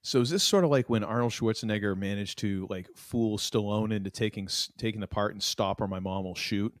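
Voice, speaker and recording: A man's voice: on the low side, a little fast, dry recording, clean studio sound. A man co-hosting a podcast, talking in a casual, rambling way and drifting into playful tangents. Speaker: podcast co-host. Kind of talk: casual chat.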